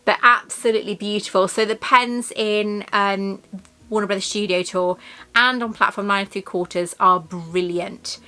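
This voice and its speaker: A woman's voice: mid-range voice, fairly even intonation, normal speed, smooth. A woman vlogging in a chatty, storytelling way, full of asides about her shopping haul. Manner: chatty and warm-hearted, storytelling with many asides. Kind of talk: casual shopping haul chat.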